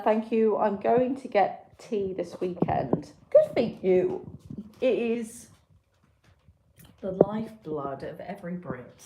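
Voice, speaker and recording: Slow-talking Yorkshire woman, self-mocking. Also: medium pitch, expressive, background noise. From England. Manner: chatty, self-mocking, frequent swearing. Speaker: livestream host. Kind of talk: casual chat with live chat. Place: home room. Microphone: computer mic.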